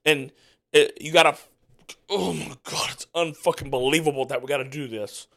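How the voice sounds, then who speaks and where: A man ranting angrily as a sports fan podcaster, swearing constantly and breaking into yelled outbursts. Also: mid-range voice, fairly even intonation, brisk. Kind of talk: angry profane rant while watching a game.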